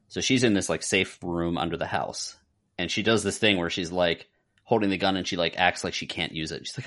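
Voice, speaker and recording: A man with a very low, deep voice talks through a film in relaxed podcast chat. He rambles, circles back and restarts his sentences, with plenty of filler words. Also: a little fast. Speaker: podcast co-host. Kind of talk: casual movie review chat.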